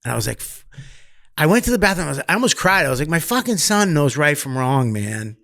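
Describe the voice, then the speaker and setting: A man, a comedian guest on a podcast, telling candid stories in a profane, animated way, swinging between loud bursts and quiet asides. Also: fairly high pitch, quick pace, creaky, dry recording, clean studio sound. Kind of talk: candid storytelling.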